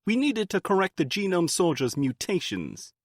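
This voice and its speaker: A man voicing a male scientist with a polished, measured voice in an audiobook. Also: high-pitched, very animated, dry recording, clean studio sound, voice pushed up, full character voice. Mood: cold, businesslike.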